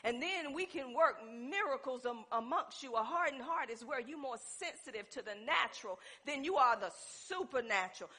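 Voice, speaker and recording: A woman preaching with a high, bright, ringing voice. She swings from loud exclamations down to hushed, low passages, and she calls out to the congregation as she goes. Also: lively intonation, normal speed, hardly any pauses, breathy edge. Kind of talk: sermon.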